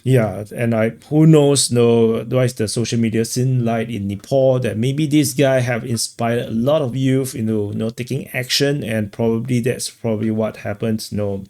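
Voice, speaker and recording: A man hosting a casual commentary, talking in a halting way with many fillers and restarts. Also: medium pitch, fairly even intonation, mellow. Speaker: commentator host.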